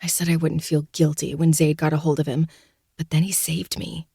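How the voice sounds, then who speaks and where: Low-voiced woman reading a novel aloud. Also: flat delivery, normal speed, gravelly, dark tone, breathy edge, dry recording. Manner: dry, sardonic first-person reading. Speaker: podcast host reading a novel. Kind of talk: audiobook narration.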